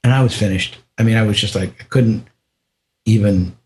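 An older American man, a podcast guest, telling a personal story in a reflective, unhurried way, with frequent restarts and small laughs. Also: lowish voice, slight background noise. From United States.

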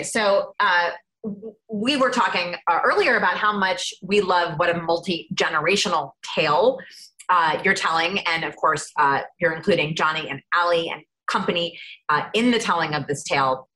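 A woman interviewing a guest, asking curious questions in a measured way with some fillers. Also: fairly low pitch, bright, forceful tone, poor audio.

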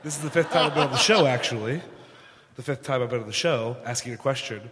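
A man's voice: mid-range voice, quick pace, noisy background. Rambling male fan at a theater mic. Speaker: audience member. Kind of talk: live podcast Q&A. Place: theater, live audience. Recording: live theater, long reverb.

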